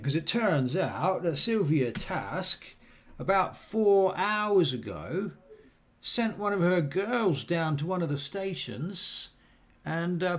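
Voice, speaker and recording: Man playing guard sergeant, matter-of-fact, briefing tone, animated pitch. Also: exaggerated voice. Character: gruff male guard sergeant.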